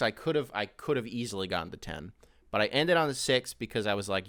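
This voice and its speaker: A young man hosting a casual solo podcast, rambling and swearing, with loud bursts and mumbled asides. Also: lowish voice, expressive, fast, no room sound, clean studio sound. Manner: rambling, swears often, mimics voices in quotes. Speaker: podcast host.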